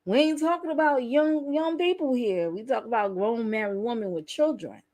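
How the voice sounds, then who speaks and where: A woman with a fairly high voice hosts a casual reaction commentary. She speaks bluntly and candidly, swearing and laughing freely. Her delivery feels like an unscripted chat with viewers. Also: moderate pace, a little mellow. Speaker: YouTube commentary host.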